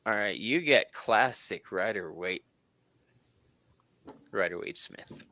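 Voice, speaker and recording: A man's voice: fairly low pitch, animated, slow, bright, forceful tone. A middle-aged man hosting a tarot reading, chatting playfully and teasing his guest. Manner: playful, laughs often, teasing. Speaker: tarot reader and host. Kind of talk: casual chat during a tarot reading.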